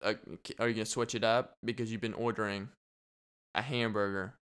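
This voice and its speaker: A man's voice: lowish voice, fairly even intonation, a little fast, fairly bright tone, smooth. A young man hosting a casual solo podcast, rambling and joking with frequent laughs. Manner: rambling, jokey, laughs often. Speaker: podcast host.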